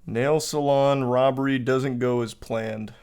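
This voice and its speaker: A man's voice: mid-range voice, steady tone, slow, darkish tone. Male streamer, casual reaction commentary, dry and profane delivery. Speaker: livestreamer.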